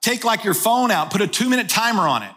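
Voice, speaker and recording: A man's voice: sits high, very animated, fast talker, sharp tone. A man preaching a sermon in a conversational way, asking the listeners rhetorical questions. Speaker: pastor.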